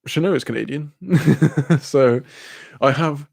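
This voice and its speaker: A man's voice: fairly high pitch, takes it slowly, creaky, darkish tone, no room sound, studio quality. A Welsh man streaming a casual chat, laughing often, swearing freely and reading chat messages aloud. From Wales.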